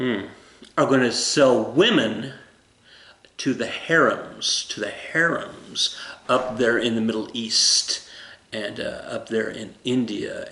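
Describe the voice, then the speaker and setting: A man's voice: medium pitch, fairly bright tone. A man teaching a casual recorded history lesson, rambling and joking as he corrects himself. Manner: rambling, jokey, self-correcting. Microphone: camera. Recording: roomy echo.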